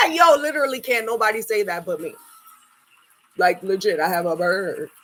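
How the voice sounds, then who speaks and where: A woman's voice: medium pitch, moderate pace, fairly bright tone, low-quality recording. Playful woman vlogger chatting with her pets. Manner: playful, talks to her pets in baby talk. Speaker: beauty vlogger. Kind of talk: casual livestream chat. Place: home.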